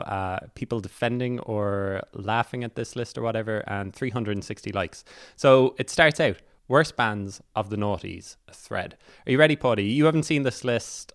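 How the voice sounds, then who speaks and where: A man's voice: fairly low pitch, no room sound, clean studio sound. A man hosting a podcast, chatting casually and teasing his guest, laughing often. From Ireland. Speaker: podcast host. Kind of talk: casual chat.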